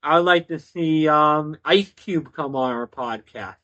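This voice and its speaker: Bright-voiced young man, casual podcast talk. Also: on the high side, unhurried, no echo. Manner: laid-back, ends lines with "you know". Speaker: podcast co-host. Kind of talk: casual chat. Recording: dull lo-fi sound.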